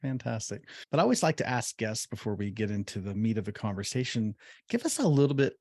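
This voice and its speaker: An American man hosting a podcast interview, often halting with fillers and restarting his sentences. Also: on the low side, big pitch swings, a little mellow, no echo, clean studio sound. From United States. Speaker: podcast host.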